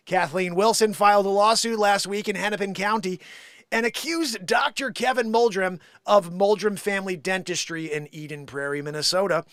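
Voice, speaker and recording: A man's voice: high-pitched, moderate pace, fairly bright tone, clear, resonant tone, dry recording, studio quality. A man hosting a live comedy stream, reading a news story in a playful mock radio-announcer style and laughing along. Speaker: live music and comedy show host.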